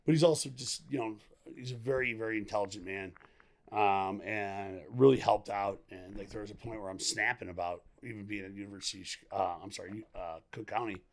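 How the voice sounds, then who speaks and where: A middle-aged man talks as a podcast guest, his voice sitting a little low. He tells his story candidly and at a wandering pace, breaking into quoted dialogue and laughter along the way. The talk is loose and unscripted. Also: brisk. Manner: animated, rambling, acts out quoted dialogue, laughs often.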